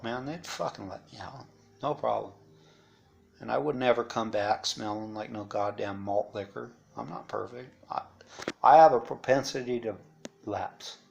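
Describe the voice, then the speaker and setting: A man speaks in a loose, rambling monologue, blunt and profane, with frequent asides. His voice has a gravelly edge. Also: mid-range voice, darkish tone, muffled recording. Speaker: interviewee recounting life after incarceration. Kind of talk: casual storytelling monologue.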